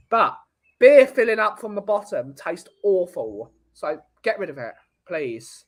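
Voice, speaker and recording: A man's voice: high-pitched, big pitch swings, takes it slowly. A man hosting a casual podcast chat, rambling and joking as he talks. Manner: chatty, rambling, jokey. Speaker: podcast host.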